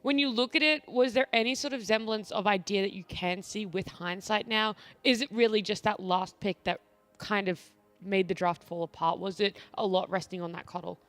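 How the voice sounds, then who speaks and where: Bright, playful woman hosting esports. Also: medium pitch, steady tone, normal speed. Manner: playful, teasing. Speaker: esports host. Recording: faint music behind.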